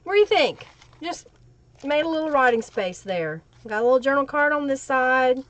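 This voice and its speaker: A woman's voice: sits high, animated, normal speed, a bit bright. A woman with an Oklahoma Southern accent hosting a live crafting stream, chatting casually and answering viewer comments as she works. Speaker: livestream crafting host.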